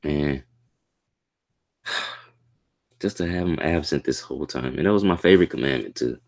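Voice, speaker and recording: A man reading a manga chapter aloud and reacting to it in a casual, slangy way, with excitable outbursts. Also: a bass voice, a little slow.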